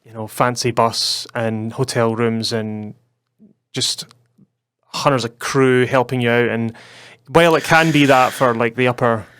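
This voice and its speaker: A young Scottish man co-hosting a podcast in casual, rambling chat, quick to laugh. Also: mid-range voice, steady tone, a bit bright, smooth, dry recording. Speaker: podcast co-host.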